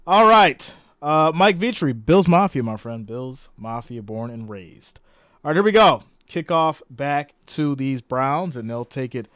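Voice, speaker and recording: A man with a mid-range voice does casual play-by-play on a live stream, chatting away as he reads out viewer comments and greets the people posting them. The recording is dry and clean, with a studio sound.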